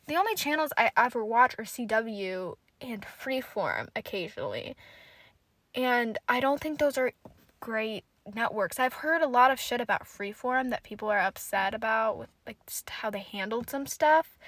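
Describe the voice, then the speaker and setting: Ranting young woman podcaster, slightly high. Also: fairly bright tone, dry recording, low-quality recording. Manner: rambling, swears freely, frustrated ranting. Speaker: podcast host. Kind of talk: casual solo podcast recap.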